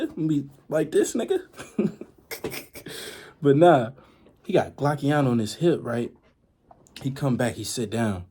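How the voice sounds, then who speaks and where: Young man, husky voice, animated slangy storytelling, middle pitch, casual storytime vlog. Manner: animated, slangy, dramatic retelling. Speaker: vlogger.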